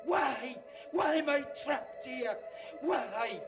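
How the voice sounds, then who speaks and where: A shrieking, very high woman spirit, as a man channels her rants in slow, dragged-out bursts. She is bitter and wild, caught in an echoey room. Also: expressive, far from the mic, music in the background, exaggerated voice. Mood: raging. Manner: shouting, hissing and ranting.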